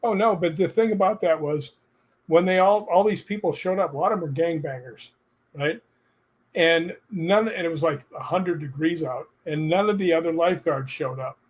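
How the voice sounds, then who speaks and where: A man telling personal stories in a casual chat, animated and laughing as he goes. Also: fairly high pitch, moderate pace.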